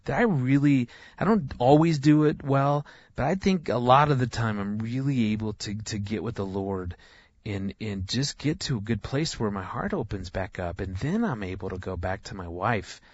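Middle-aged man, earnest guest, halting, restarts often, dry and slightly muffled. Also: medium pitch, lively intonation, no echo. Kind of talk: casual chat.

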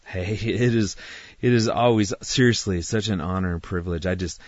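Middle-aged man for a faith show guest spot, lower register, eager storyteller, dry slightly dull sound. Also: normal speed, no room sound. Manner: animated storyteller with frequent restarts and laughter. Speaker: guest, marriage ministry speaker. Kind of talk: faith talk show interview, personal storytelling. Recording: dry, slightly muffled studio recording.

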